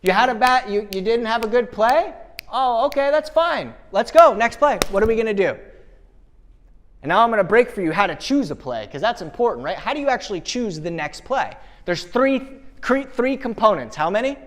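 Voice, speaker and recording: Punchy, fast-firing male keynote speaker. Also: sits high. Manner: punchy, energetic, asks the crowd rhetorical questions. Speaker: motivational speaker. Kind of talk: live keynote speech. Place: live event venue.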